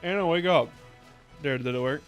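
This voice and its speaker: A man's voice: on the high side, moderate pace, faint music behind. A man giving casual gameplay commentary on his stream, rambling and playful, often restarting his sentences. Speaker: VTuber streamer.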